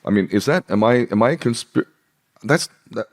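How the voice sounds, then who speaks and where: A man's voice: on the low side, expressive, moderate pace. A man talking in casual conversation, emphatic and sarcastic, laughing between points. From British Isles. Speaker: podcast guest.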